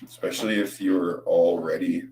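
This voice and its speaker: A man's voice: low-pitched, fairly even intonation, moderate pace, mellow, slight background noise. A young man chatting on a livestream, stoned, rambling, laughing often and swearing freely. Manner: rambling, laughing, swears a lot, says "dude". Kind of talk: casual livestream chat. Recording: roomy, distant from mic.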